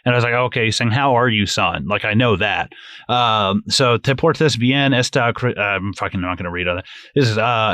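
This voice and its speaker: A man co-hosting a casual film-review podcast, animated and jokey, swearing freely and acting out quotes. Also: fairly low pitch, brisk, no echo. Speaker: podcast co-host.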